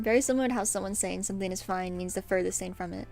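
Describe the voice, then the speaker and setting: A young woman streaming while she draws, telling a story in an animated, rambling way, with lots of fillers and laughs. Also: medium pitch, rapid-fire, gravelly. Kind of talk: casual storytelling chat while drawing. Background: faint background music.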